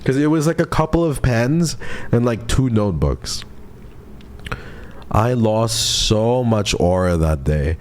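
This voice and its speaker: Young male streamer, lowish voice, flustered rambling storyteller with casual swearing. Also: animated, a little slow, a little mellow. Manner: rambling, flustered, heavy on "like" fillers; swears casually, addresses chat as "bro" and "guys".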